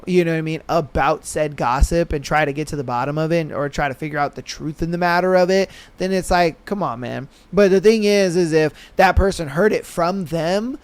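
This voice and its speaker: Fast-talking slangy young podcast host. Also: male voice, a little high, clear, resonant tone. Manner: animated, slangy and blunt, with frequent laughs and "you know what I mean". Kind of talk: casual solo podcast commentary.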